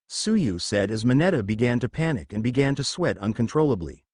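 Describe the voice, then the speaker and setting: A man reading a fan story aloud in an animated storytelling manner on a close mic. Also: mid-range voice, fairly quick, few pauses, breathy edge, dry recording. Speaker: fanfic narrator.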